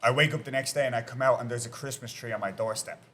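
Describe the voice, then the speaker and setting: A man's voice: mid-range voice, fairly even intonation, fast, fairly bright tone. A man telling rambling bar stories in a casual podcast chat, full of restarts and filler words. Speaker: podcast guest.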